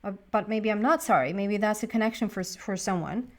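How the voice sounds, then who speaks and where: A woman reading tarot in a relaxed, chatty way, her voice sitting at an ordinary middle pitch. She thinks aloud and talks straight to the cards as she works through a spread for her viewers. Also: fairly quick. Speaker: tarot reader. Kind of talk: casual tarot reading monologue.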